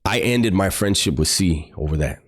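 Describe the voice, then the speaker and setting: A man's voice: low voice, expressive, normal speed. Blunt, profane man telling a story. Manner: blunt, profane street slang. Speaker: podcast guest. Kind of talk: recounting a personal story.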